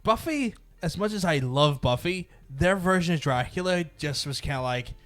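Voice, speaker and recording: A man chatting casually on a podcast in a laid-back way. His voice sits fairly high and moves a lot in pitch. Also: expressive, moderate pace, a bit bright. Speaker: podcast co-host. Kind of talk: casual chat.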